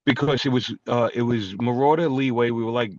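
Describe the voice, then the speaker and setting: A man's voice: medium pitch, fairly even intonation, brisk, no room sound, highs cut off. A man, a guitarist guest, telling stories in a blunt, profane, ranting way in a casual interview.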